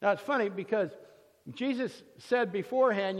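A man with a fairly high voice teaches from the Bible in a relaxed, storytelling way, often pausing on fillers and restarting his sentences. His voice rings with a long reverb, as if recorded in a large hall.

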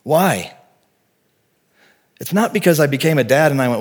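A man's voice: on the high side, big pitch swings, moderate pace, long pauses. A man in his forties, a pastor giving a sermon in a conversational, earnest way, telling vivid stories and speaking plainly to the congregation.

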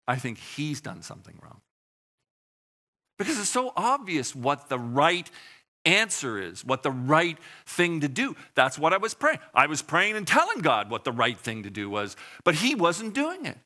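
A man's voice: a little high, bright, forceful tone. A man preaching a sermon in a conversational way, asking the congregation questions and acting out short voices. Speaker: pastor.

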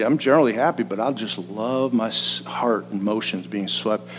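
Man preaching a sermon, soft to emphatic. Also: mid-range voice, rough recording. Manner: swings from soft, slow, hushed reflection to rising, emphatic preaching. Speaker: pastor.

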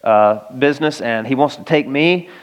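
A man from Arkansas preaching a sermon, telling a personal story in a lively, conversational way and speaking straight to his listeners. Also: mid-range voice, normal speed. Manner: animated storytelling, conversational, addresses listeners directly. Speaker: pastor.

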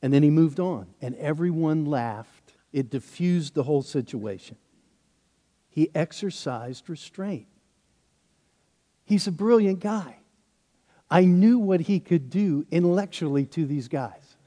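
A man's voice: fairly high pitch, animated, a little slow, pauses often, mellow. A man preaching a sermon, walking through a Bible passage with self-deprecating asides. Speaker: pastor. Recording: long hall reverb.

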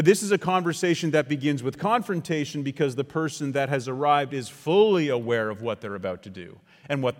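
Emphatic preacher in a reverberant hall. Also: male voice, on the high side. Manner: emphatic, with conversational asides to the congregation. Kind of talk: sermon. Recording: long reverb of a large hall.

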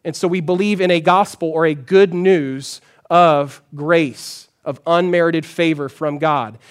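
A male pastor preaches a sermon in a conversational, storytelling style, often dropping to a soft, low voice for emphasis.

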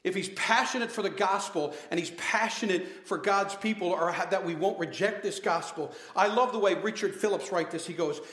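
A pastor delivers a passionate sermon in a fairly high voice, firing off rhetorical questions and calling out to his congregation. His voice rings through an echoey church hall. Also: normal speed, hardly any pauses, fairly bright tone.

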